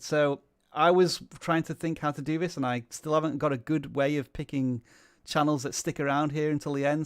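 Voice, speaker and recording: A man's voice: fairly high pitch, fairly bright tone, no room sound, clean studio sound. A man with a Yorkshire accent hosting a casual livestream over a video call, chatty and self-deprecating. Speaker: livestream host.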